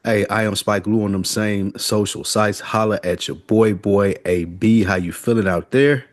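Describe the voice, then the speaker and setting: A man's voice: lowish voice, fairly even intonation, moderate pace, no room sound. A man co-hosting a casual podcast, leading the topics in a laid-back way and laughing easily. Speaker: podcast co-host. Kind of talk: casual chat.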